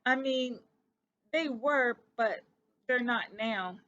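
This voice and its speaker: A woman voicing a timid, guilty little boy mouse who squeaks tearfully and apologizes. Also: takes it slowly, fairly bright tone, highs cut off. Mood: remorseful.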